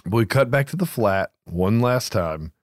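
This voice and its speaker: A man hosting a podcast, chatting casually about films, animated, swearing freely and laughing often. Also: fairly low pitch, a little slow, dry recording, clean studio sound. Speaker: podcast host. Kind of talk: casual movie chat.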